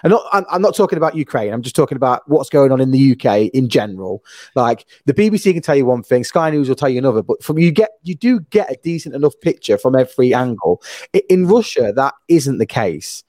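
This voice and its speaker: Mellow man, dry close sound. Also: medium pitch, big pitch swings, no room sound. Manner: earnest, questioning, halting restarts. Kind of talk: casual chat.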